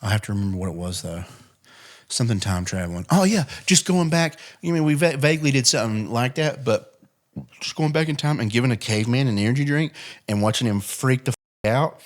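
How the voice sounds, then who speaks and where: Chatty man telling a story animatedly. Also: fairly quick. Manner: animated storyteller, acts out quotes in high voices. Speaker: podcast co-host. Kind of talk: casual chat.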